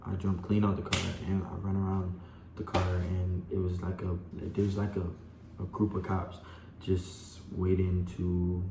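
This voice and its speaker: A man's voice: sits low, completely flat delivery, measured pace. A young man telling a personal story to his viewers, rambling and full of "like" and "you know". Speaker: vlogger. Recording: echoey room with faint background hum.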